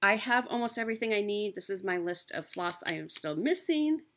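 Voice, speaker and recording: This cross stitch vlogger has a mid-range, fairly bright voice with big pitch swings, and she talks fairly quickly. Her casual show-and-tell chat is upbeat and chatty, full of ums and moments where she corrects herself.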